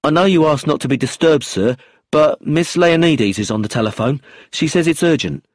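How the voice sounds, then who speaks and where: A man's voice: on the high side, normal speed, dry recording, voice pushed up, lightly acted. A man voicing a deferential police officer in an audiobook, apologetic and a little raised.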